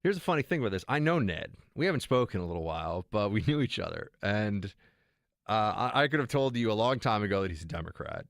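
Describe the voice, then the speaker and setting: A man's voice: fairly low pitch, very animated, fast, dry recording, clean studio sound. A man hosting a political talk show, speaking in an emphatic, sarcastic way. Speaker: radio host and political commentator.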